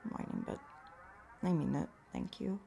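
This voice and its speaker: A woman's voice: deep voice, expressive, moderate pace, creaky, warm tone, a little hiss or hum. A woman hosting a live painting stream, chatting casually and a little whiny, answering her viewers' comments in a rambling, self-deprecating way. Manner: slightly whiny, pleading tone. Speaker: livestream host painting with watercolors.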